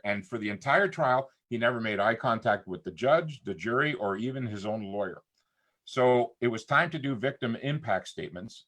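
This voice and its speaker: A middle-aged man in casual conversation as a talk show guest, telling stories and acting out what people said. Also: mid-range voice. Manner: animated storyteller who acts out quotes.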